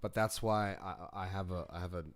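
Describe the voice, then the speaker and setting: A young man hosts a live comment stream from home, talking in a quick, chatty and excitable way. His voice sits a little low. The sound is close and dry, with no room around it. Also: no echo. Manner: excitable, chatty, laughs easily. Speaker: reaction channel host. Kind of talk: casual live chat reacting to comments.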